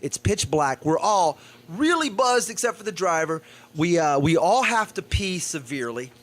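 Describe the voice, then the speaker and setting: A man's voice: on the high side, very animated, normal speed, fairly bright tone. A male comedian and podcast co-host telling a vivid story in casual chat.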